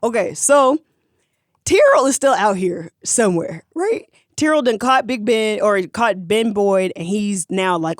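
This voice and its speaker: A podcast storyteller retelling history for laughs, animated, slangy and profane. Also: medium pitch, unhurried, no room sound, studio quality.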